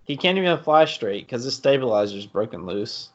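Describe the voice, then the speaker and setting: A man's voice: medium pitch, expressive, moderate pace, dull audio. A man co-hosting a podcast, chatting casually through a movie commentary, cracking jokes and laughing often. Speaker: podcast co-host.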